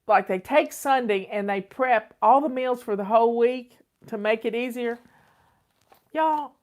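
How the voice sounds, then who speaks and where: An older woman, chatting casually and repeating herself as she answers viewer questions as host. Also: fairly high pitch. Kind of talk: casual advice chat.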